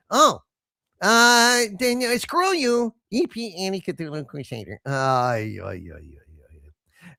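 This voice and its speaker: Gravelly, lively man hosting a stream. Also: fairly high pitch, dry recording, clean studio sound. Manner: mock-grand salutes to viewers; loose and rambling, many fillers. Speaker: show host reading viewer super chats. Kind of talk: casual live-stream chat.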